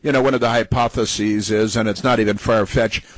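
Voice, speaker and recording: A man's voice: lowish voice, steady tone, fairly quick, no room sound, poor audio. A man hosting a talk radio show, rambling and mocking in his opinionated commentary.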